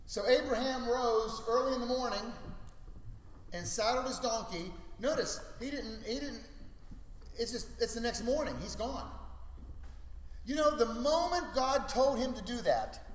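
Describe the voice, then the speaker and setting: A man teaching a Bible class, telling the story in an animated way and often checking that his listeners follow. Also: high voice. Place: school classroom. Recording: echoey room with long reverb.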